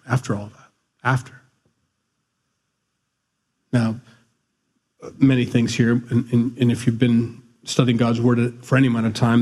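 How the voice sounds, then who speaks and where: A middle-aged male pastor preaching a conversational, animated sermon with asides. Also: medium pitch, husky.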